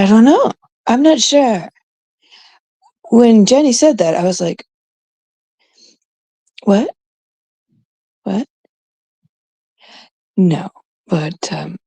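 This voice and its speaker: A woman from Canada talks to her viewers in a loose, rambling chat, slowing down and sometimes dropping to a hush. Her voice is gravelly and mellow. The sound is dry and close, with no room echo. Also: fairly high pitch. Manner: chatty, rambling, drops into hushed asides. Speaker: streamer chatting with viewers. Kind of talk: casual chat.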